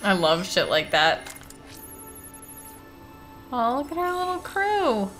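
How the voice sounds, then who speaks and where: A woman's voice: on the high side, slow, soft background music. Gushing woman reacting to a video. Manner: gushing, excitable, swears freely. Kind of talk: reaction commentary.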